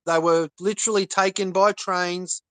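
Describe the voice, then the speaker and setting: A man talking on a livestream in an earnest, halting way, with many pauses and fillers. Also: high voice, steady tone, a bit bright, clear, resonant tone, dry recording. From Australia. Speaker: livestream guest. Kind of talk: casual livestream talk.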